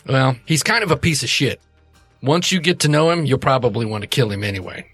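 A big, blunt troll with a crude, easygoing drawl, as a man puts him on. The voice sits at a middling pitch and sounds close and dry, with faint music underneath. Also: animated, brisk, a bit bright, husky, no echo. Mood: gruff. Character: gruff large male troll, blunt and crude.

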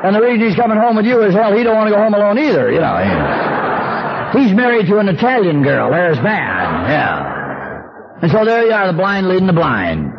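A man's voice: high-pitched, sing-song, moderate pace, creaky. A middle-aged man telling a humorous recovery story, acting out the voices he quotes. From Southern California. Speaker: speaker at a recovery meeting. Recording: dull old lo-fi tape with faint hiss.

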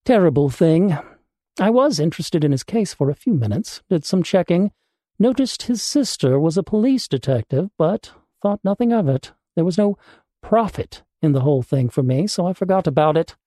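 A man voicing a calm, calculating male black-market doctor in a storybook reading, with a fairly high but mellow voice. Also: normal speed, no room sound, studio quality. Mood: calm menace. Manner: calm, calculating, matter-of-fact.

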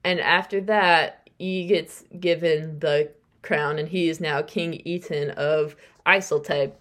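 A woman's voice: sits low, steady tone, slow, fairly bright tone. Chatty young woman recapping a book. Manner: chatty, acts out characters' lines while retelling. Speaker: podcast host.

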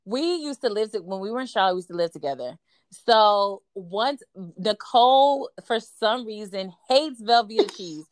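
A woman's voice: mid-range voice, normal speed, dry recording. A woman telling a story in casual chat, acting out quoted dialogue with lots of fillers. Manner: animated, acts out quoted dialogue, frequent fillers.

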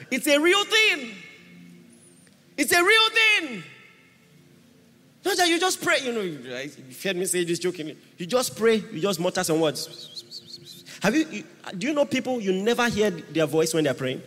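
A man preaching a sermon, emphatic, swinging from hushed asides to shouted exhortation. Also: sits high, very animated, fairly quick. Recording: long reverb of a large hall.

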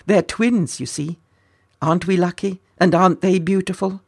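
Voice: mid-range voice, steady tone, moderate pace, gravelly, darkish tone, no room sound, clean studio sound. Storyteller doing a hearty proud prince. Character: proud, cheerful young prince. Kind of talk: storybook character voice.

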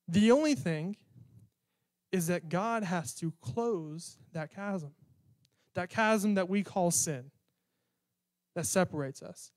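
A man's voice: high voice, slow, long pauses, darkish tone, dry recording, clean studio sound. A man giving a casual, conversational sermon with a sarcastic, chatty manner. He often repeats words as he thinks. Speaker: preacher.

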